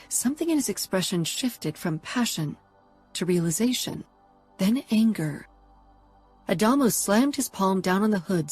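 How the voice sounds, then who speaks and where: A woman reading a first-person romance audiobook in a steady, intimate narration. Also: lowish voice, breathy edge.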